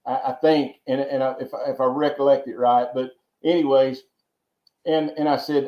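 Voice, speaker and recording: A medium-pitched man with little pitch movement speaks at a moderate pace, a Georgia native guesting on a podcast and rambling through long stories. He often repeats words and drops in folksy asides during this casual interview, which has a roomy, dull, lo-fi sound.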